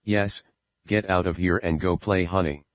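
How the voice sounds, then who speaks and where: A protective mother defending her little boy from his father, voiced by a man in a low, dry voice. The audiobook sound is muffled and close. She pleads and snaps back in turn. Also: fairly even intonation, normal speed, no echo, lightly acted. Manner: pleading, then shouting back. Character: protective mother, adult woman, fierce defender. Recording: dull lo-fi recording.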